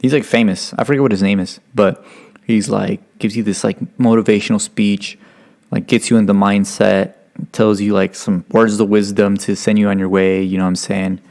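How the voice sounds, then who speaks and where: Gravelly low-voiced man telling stories. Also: moderate pace. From Stockton, California, USA. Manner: loose, profane, full of "like" and "you know"; acts out quotes in lively voices. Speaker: guest. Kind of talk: casual podcast storytelling.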